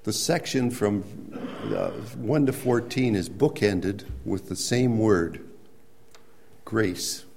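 A man preaching a sermon, explaining scripture in a conversational way and rising to emphatic, near-shouted points. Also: fairly low pitch, slow pace, slight background noise. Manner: conversational with restarts and everyday examples. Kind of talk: sermon teaching.

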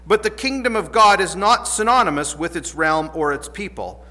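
A man's voice: high-pitched, animated, normal speed, hardly any pauses, sharp tone. A man preaching a sermon, reading scripture aloud and then explaining it earnestly, repeating key phrases and sometimes restarting a sentence. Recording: long reverb of a large room.

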